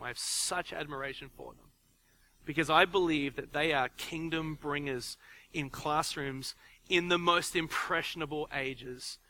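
A man's voice: fairly high pitch, bright, forceful tone, poor audio. A man in his forties preaching a sermon in a conversational way, often repeating and restarting words and acting out what a parent might say. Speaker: pastor.

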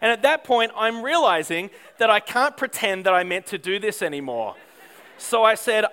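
Middle-aged male pastor, high bright smooth voice, animated self-deprecating sermon storyteller. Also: normal speed.

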